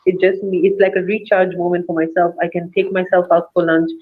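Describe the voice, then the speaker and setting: A woman's voice: lowish voice, flat delivery, brisk. Woman on a tinny phone-like line. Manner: hesitant, restarts, light laughs. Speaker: panel guest. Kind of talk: live online panel talk.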